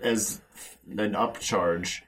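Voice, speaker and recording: A man's voice: fairly low pitch, fairly even intonation, extremely slow, over a noisy crowd. A young man in a casual comedy chat, curious and steering the joke along. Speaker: podcast co-host. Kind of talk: casual group banter.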